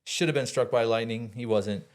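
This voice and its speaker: Man telling an animated, profane story. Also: medium pitch, fairly quick. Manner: animated, swears, laughs, restarts often. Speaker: podcast guest. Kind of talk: casual storytelling.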